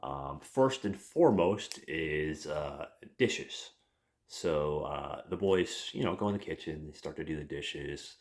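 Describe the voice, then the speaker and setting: A man's voice: very deep voice, animated, takes it slowly. A man, a podcast host, retelling a comic book plot in a rambling, casual way with lots of fillers and swearing. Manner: rambling, profane, many fillers.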